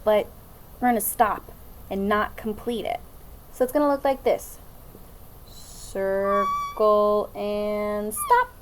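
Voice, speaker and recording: A young adult woman teaching a children's phonics lesson in an upbeat, encouraging, slow sing-song way. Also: a little high, darkish tone.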